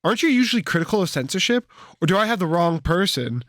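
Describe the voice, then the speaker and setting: A man's voice: high-pitched, big pitch swings, fast talker, no echo, studio quality. A young man co-hosting a podcast in casual chat, teasing and sarcastic, swearing freely. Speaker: podcast co-host.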